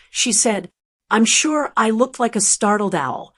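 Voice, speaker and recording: A woman narrating a scripted first-person story in a gentle, earnest storytelling manner. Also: fairly high pitch, expressive, measured pace, slightly rough.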